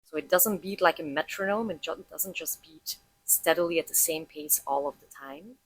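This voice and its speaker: A woman with a fairly low voice guides listeners through a breathing exercise, explaining clearly and calmly. The sound is dry and close, with no room around it. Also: normal speed, no room sound, low-quality recording. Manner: calm, explanatory, guiding listeners step by step. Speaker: breathwork instructor.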